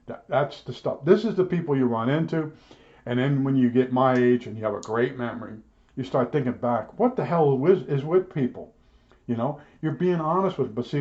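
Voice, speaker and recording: A man's voice: mid-range voice, darkish tone, muffled recording. An older man, a repairman vlogger, tells rambling stories in a blunt, grumbling rant, restarting his sentences and repeating himself.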